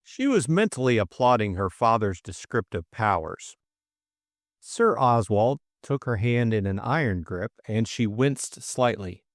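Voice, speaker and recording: A man narrating a classic mystery audiobook in an expressive, measured way. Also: fairly low pitch, no echo, studio quality.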